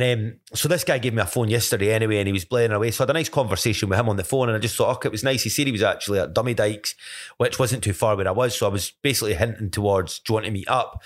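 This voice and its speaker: Rambling Scottish man sharing faith stories. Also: lowish voice. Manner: rambling, many restarts and self-corrections. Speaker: podcast co-host. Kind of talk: casual faith testimony chat.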